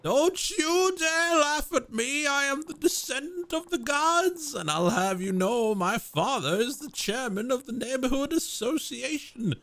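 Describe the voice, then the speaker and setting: A man voicing a haughty, self-important would-be nobleman of thirty-five while reading game dialogue aloud, in a grandiloquent, drawn-out theatrical delivery. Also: very high voice, creaky, a bit bright, pitched above the performer's own voice, exaggerated voice.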